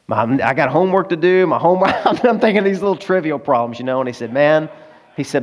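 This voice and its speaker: A man from Arkansas preaches in a folksy, self-mocking way, with a voice that sits a little high. He tells a story from the pulpit and acts out the lines of each person in it. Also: animated, fast talker. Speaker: pastor. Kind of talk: sermon storytelling.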